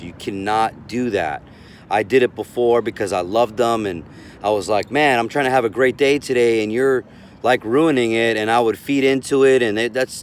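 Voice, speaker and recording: A man's voice: fairly low pitch, a little hiss or hum. Rambling male coach outdoors. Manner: rambling, repeats words, earnest advice. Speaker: relationship coach. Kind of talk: casual vlog advice.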